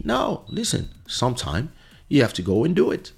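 A man's voice: medium pitch, huge pitch swings, moderate pace, gravelly, husky. A man hosting a podcast, telling a casual story with fillers and restarts and acting out quoted lines. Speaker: podcast host. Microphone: studio microphone.

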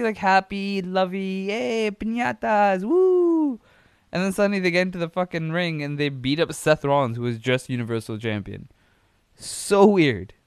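A man's voice: medium pitch, clean tone, no echo, studio quality. A young man hosting a wrestling podcast on his own, talking bluntly and casually with plenty of swearing and mock-quoted reactions. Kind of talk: casual solo podcast recap.

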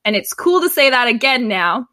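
A young woman co-hosting a podcast, recapping an episode in an enthusiastic, excitable casual chat. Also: a little high, normal speed. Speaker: podcast co-host.

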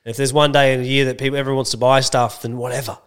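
A man's voice: mid-range voice, flat delivery, racing, clear, resonant tone. An Australian man co-hosting a podcast, chatting casually and reading news items in a blunt, sweary, joking way. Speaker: podcast co-host.

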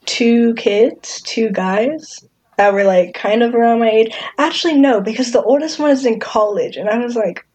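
A woman's voice: fairly high pitch, moderate pace, darkish tone, husky, rough recording. A young woman casually chatting and telling a story to friends in a laid-back, giggly way. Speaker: friend in group chat.

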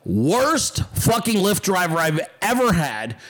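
A man's voice: a little high, expressive, fairly quick, a bit bright. A man hosting his own show, telling a rambling, profanity-laced story with quoted voices in a casual monologue. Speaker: podcast host.

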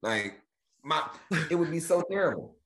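A man from Houston, a comedian guest telling stories in lively chat and slipping into mock voices. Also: normal speed. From Houston, Texas. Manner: lively, mimics other voices, big pitch swings. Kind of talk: animated storytelling chat.

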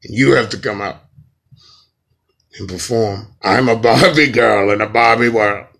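A man voicing a commanding, menacing male secret-society figure who talks loudly and bossily. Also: fairly low pitch, unhurried, gravelly, full character voice. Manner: loud, bossy, breaking into laughs.

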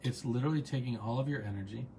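A man's voice: mid-range voice, racing, dark tone, a little hiss or hum. A man hosting a casual live gratitude practice, chatty and encouraging, reading out viewers' comments and wandering into side stories. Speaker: host and coach leading a live online session.

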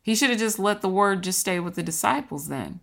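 A woman's voice: mid-range voice, animated, fairly quick, creaky, fairly bright tone. A woman leading a casual Bible study, talking earnestly and directly to her viewers as she teaches.

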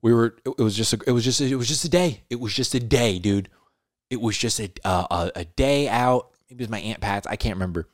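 Chill guy on a podcast telling a story, says dude a lot, dramatic pauses, dry close mic. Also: mid-range voice, no room sound. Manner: laid-back, peppers speech with "dude" and "like"; animated, dramatic retelling with pauses. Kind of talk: casual storytelling.

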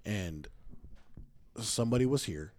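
A young man co-hosting a podcast, telling stories in a loud, animated way, swearing and laughing often. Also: lowish voice, a little slow. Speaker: podcast co-host. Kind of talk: casual chat.

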